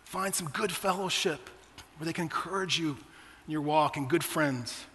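A man's voice: on the high side, normal speed, pushed and bright, in a large hall, slight background noise. A man in his forties preaching a sermon, telling personal stories in a conversational way to his church. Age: 40s. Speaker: pastor.

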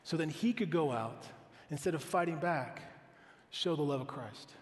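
Man, pastor, sermon, earnest and conversational, slightly high voice, long hall reverb. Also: lively intonation, normal speed. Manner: earnest, conversational preaching with rhetorical questions.

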